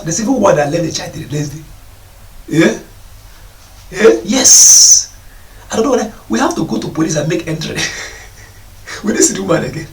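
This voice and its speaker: A man giving a preaching talk to parents about responsibility, scolding them and mocking their excuses. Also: high-pitched. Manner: scolding, mocks parents in put-on voices. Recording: echoey room, voice from a distance.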